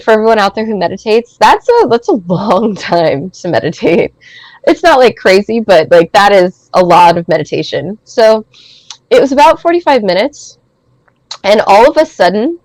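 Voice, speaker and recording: Woman in her thirties, podcast guest, chatty and animated storyteller, dry close sound. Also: mid-range voice, no echo, low-quality recording. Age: 30s. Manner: animated, rambling, heavy use of filler words. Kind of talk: casual storytelling.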